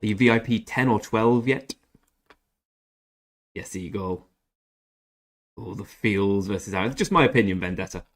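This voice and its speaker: Chatty British streamer, low-ish voice. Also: male voice, moderate pace, pauses often. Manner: chatty, answers chat by name, blunt opinions with mild swearing. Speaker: gaming streamer. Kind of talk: casual livestream chat while playing.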